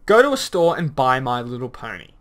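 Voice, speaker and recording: A man's voice: medium pitch, sing-song, a little fast, a bit bright. A man hosting a gaming commentary video, arguing bluntly, swearing at times, and rambling through lots of fillers. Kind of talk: reaction commentary rant.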